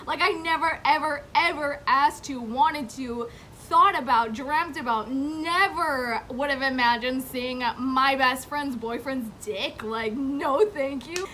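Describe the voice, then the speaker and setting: A woman vlogger telling a casual storytime tale in an animated, profane way, laughing often and saying "like" constantly. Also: high-pitched, slow, few pauses, slight background noise.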